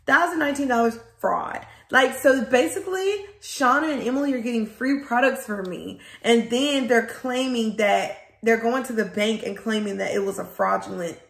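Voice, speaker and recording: A woman who runs a small business, from Louisiana, telling viewers a storytime in a casual, animated way and calling them guys and y'all. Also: on the high side, gravelly. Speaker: small business owner vlogger. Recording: echoey room.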